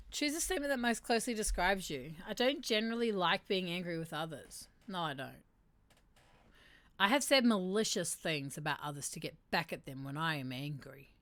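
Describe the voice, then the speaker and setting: A woman's voice: fairly low pitch, expressive, normal speed, pushed and bright, no room sound. A woman hosting a casual livestream, reading quiz statements aloud and adding wry asides to her viewers. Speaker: livestream host.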